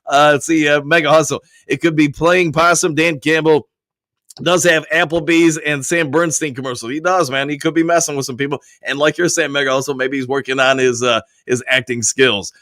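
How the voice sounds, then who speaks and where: A man hosting a live sports talk stream. He is hoarse from a cold and reads viewer comments aloud, answering each one in a casual way. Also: a little high, steady tone, fairly quick, fairly bright tone, no echo, clean studio sound. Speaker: sports show host reading chat.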